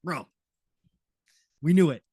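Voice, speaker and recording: Podcast guy, kinda high voice, joking around and ribbing a viewer, super dry sound. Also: slow, warm tone, slightly rough, no room sound. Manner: teasing, jokey, laughs often. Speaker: podcast co-host. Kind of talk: casual gaming podcast chat.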